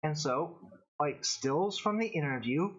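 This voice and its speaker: Guy hosting his own stream, kinda high voice, rambles and restarts a lot, muffled lo-fi audio. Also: animated, a bit bright, husky. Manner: rambling, halting, many restarts. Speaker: show host. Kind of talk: casual live-stream commentary.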